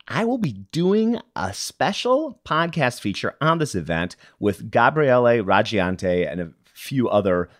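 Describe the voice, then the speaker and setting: A man hosting a podcast in a chatty, upbeat way, tossing in quick asides as he goes. His pitch swings up and down a great deal, animated and expressive. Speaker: podcast host. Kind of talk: casual news rundown.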